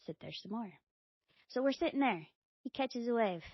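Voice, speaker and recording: A middle-aged woman hosting a podcast, telling a casual story and acting out quoted dialogue with big jumps in pitch. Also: lively intonation, moderate pace, no echo, dull audio. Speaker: podcast host.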